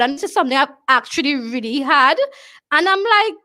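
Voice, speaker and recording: A woman's voice: sits high, expressive, a little fast, bright, forceful tone. A Trinidadian woman hosting a talk show, speaking emphatically, repeating her phrases and often asking "you understand?". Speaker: show host.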